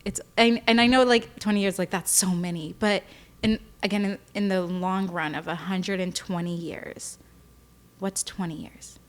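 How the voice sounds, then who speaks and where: A woman's voice: medium pitch, fairly even intonation, moderate pace. A young woman speaking candidly as a podcast guest, often emotional and tearful, with many fillers. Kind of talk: candid personal interview.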